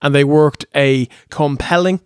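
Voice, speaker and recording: An enthusiastic Irish co-host who laughs often, his voice slightly high. The sound is dry and close, with no room behind it. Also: steady tone, unhurried, clean tone, no echo. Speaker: podcast co-host. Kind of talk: casual review chat.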